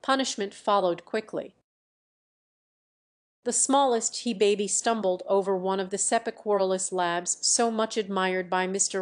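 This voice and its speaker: A woman reading a classic novel aloud at a very slow, deliberate pace. Her voice sits at an ordinary middle pitch and keeps an even, scripted narration throughout. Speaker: audiobook narrator.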